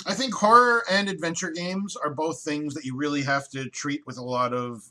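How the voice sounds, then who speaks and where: A man's voice: a little high, moderate pace, bright, forceful tone. A man chatting casually on a podcast, rambling and opinionated, with frequent restarts. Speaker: podcast co-host. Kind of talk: casual chat.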